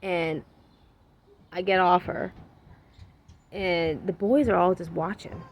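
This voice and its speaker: A woman telling a casual anecdote in an animated, blunt way, swearing freely and acting out her own lines. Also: on the low side, slow pace, a little hiss or hum. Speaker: storyteller.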